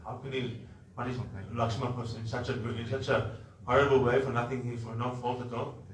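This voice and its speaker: A male preacher tells a devotional story in an animated way, acting out the dialogue and explaining terms as he goes. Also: mid-range voice, fairly quick. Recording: echoey room, mic far off, faint noise.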